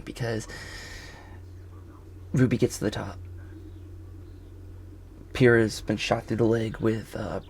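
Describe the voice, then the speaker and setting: Out on a golf course, a man with a low, gravelly voice casually recaps an episode of a show for a video review. He rambles and corrects himself as he goes, and there's a little hiss or hum in the audio.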